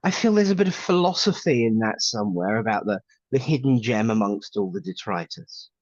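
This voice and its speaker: A man's voice: on the low side, lively intonation, fairly quick, a little mellow, no echo. A man co-hosting a live morning chat show, joking and laughing often and sometimes slipping into a radio-DJ delivery. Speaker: co-host of a live psychic show. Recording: dull lo-fi, dry sound.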